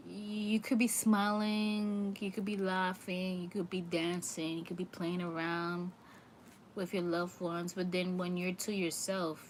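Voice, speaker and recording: A woman's voice: fairly low pitch, little pitch movement, measured pace, slight background noise. A woman giving a livestream tarot reading, talking earnestly and repeating phrases for emphasis. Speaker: tarot reader.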